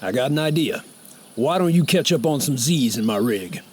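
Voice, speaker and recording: A man's voice: mid-range voice, animated, normal speed, a little mellow, slight background noise, natural voice. An actor playing a protective, hot-tempered trucker who talks to the player in a fatherly, familiar way, from a video game. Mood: friendly. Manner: fatherly, calls the player young blood. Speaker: game character. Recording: game audio with music behind.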